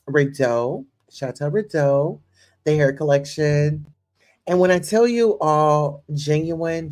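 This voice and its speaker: A woman's voice: sits low, a little mellow. A young woman hosting a casual livestream chat, effusive and gushing, full of "you know" and "listen here.". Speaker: host.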